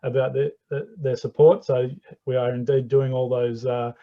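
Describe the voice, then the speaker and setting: A man's voice: medium pitch, little pitch movement, moderate pace. Hesitant male host, dull call audio. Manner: hesitant, many fillers, friendly. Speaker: forum host. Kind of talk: hosting an online forum. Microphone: video call.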